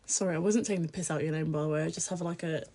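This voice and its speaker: A woman's voice: low voice, fairly even intonation, racing, dark tone. A young woman livestreaming, chatting casually with viewers, blunt and crude and laughing often.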